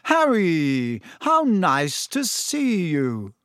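A man's voice: high voice, huge pitch swings, drawn-out words, a bit bright, dry recording, clean studio sound, exaggerated voice. A man voicing a pompous, lofty teenage head boy in a storybook reading, solemn and stuffy.

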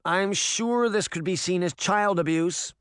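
Sarcastic stubborn girl read by a man, grumbling, slightly higher, dry recording. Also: animated, measured pace, fairly bright tone, no echo. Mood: sardonic. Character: sarcastic, stubborn older sister, a young girl.

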